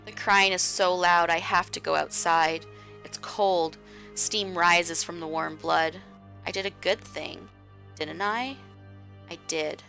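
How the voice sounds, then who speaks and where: A woman streamer reading a visual novel aloud in a slow, hushed way. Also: fairly low pitch, fairly even intonation, vocal fry, soft background music. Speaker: game streamer.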